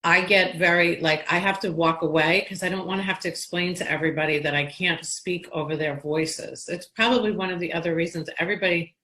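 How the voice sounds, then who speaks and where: A woman hosting a casual interview in a somewhat low voice. She is chatty and tells stories in long, winding sentences, often restarting her thoughts. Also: steady tone, fairly quick, few pauses, sharp tone, low-quality recording. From Long Island, New York. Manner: chatty, storytelling, with frequent restarts. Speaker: podcast host.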